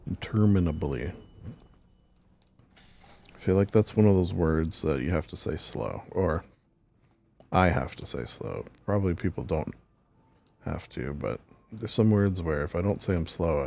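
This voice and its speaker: Deep, mellow rambling gamer man. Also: vocal fry. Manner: rambling, joking, talks to game characters. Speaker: game streamer. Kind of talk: casual gameplay commentary.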